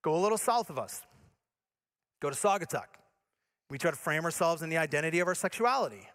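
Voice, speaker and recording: Expressive and fast, this Michigan pastor delivers his sermon with earnest directness. His speech swings from forceful emphasis to quiet, low stretches. He is a man from Michigan, USA.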